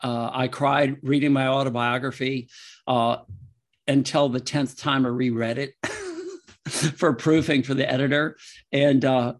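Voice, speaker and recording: A man's voice: mid-range voice, animated, measured pace. Guy guest in a casual interview, tells long stories, laughs at his own jokes. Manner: laughing, emotional, rambling anecdotes. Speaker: guest, veterinarian and author. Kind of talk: casual interview answers with storytelling.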